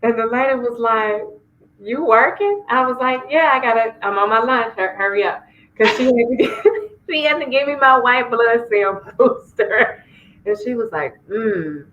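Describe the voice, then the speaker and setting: Woman guest, lively storyteller, candid testimony, a bit lo-fi. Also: moderate pace. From Memphis, Tennessee. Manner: animated storyteller, acts out dialogue with lively pitch jumps. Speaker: guest singer sharing her story.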